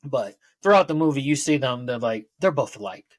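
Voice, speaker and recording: A man talks through a film review in a loose, rambling way, leaning on fillers and dropping curse words as he laughs along. His voice sits at an ordinary middle pitch. The recording is dry, with no room sound. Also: animated, fairly quick, no room sound. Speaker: movie reviewer. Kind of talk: casual spoken movie review.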